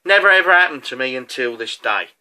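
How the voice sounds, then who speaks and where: A man's voice: medium pitch, lively intonation, fast talker, bright, forceful tone. A man, a competitive angler, recounting a match in a chatty, casual way, full of fillers and asides. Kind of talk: casual storytelling.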